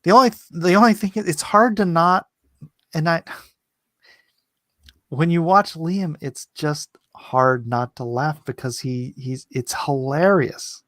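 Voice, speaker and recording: A man on a stream as a guest, chatting casually and getting animated when something amuses him. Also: fairly high pitch, a little slow, dry recording, studio quality. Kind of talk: casual chat.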